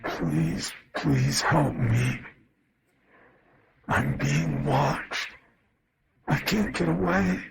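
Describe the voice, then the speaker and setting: A man voicing a monstrous creature that mimics a dead father, speaking in a strangled, hoarse voice with slow, choked pleading. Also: mid-range voice, expressive, a little hiss or hum, pitched above the performer's own voice, exaggerated voice.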